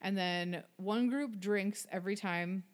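Casual woman co-host, young adult, dry sarcastic chatter, medium pitch. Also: a little slow. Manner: chatty and sarcastic, breaks into singing. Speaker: podcast co-host. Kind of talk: casual chat.

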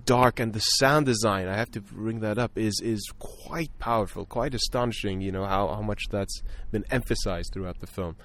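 Low-pitched man, casual film chat, halting and thoughtful. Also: fairly bright tone. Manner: thoughtful, many fillers and restarts. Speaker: film podcast guest.

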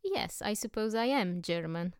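A woman reading the lines of a mysterious foreign male professor, grave and courteous in an unhurried way. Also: mid-range voice, lively intonation, darkish tone, smooth, dry recording, clean studio sound, close to an everyday voice. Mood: composed.

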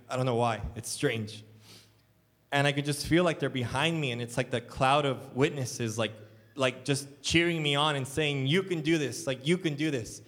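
A man's voice: mid-range voice, a bit bright. A man, a church elder, preaching a sermon in an earnest, rambling storytelling way with many fillers. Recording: long hall reverb.

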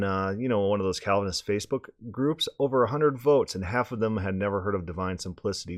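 Guy with a scratchy hoarse voice doing his podcast, kinda low, rambles and restarts a lot. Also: no echo, studio quality. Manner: rambling, repeats words when restarting. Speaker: podcast host. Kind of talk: casual podcast monologue.

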